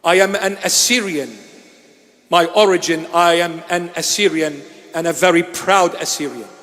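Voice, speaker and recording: A man from Iraq giving an impassioned, sermon-style address, emphatic and deliberate, leaning on repeated phrases. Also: on the high side, fairly bright tone, big-room sound. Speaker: preacher. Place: church.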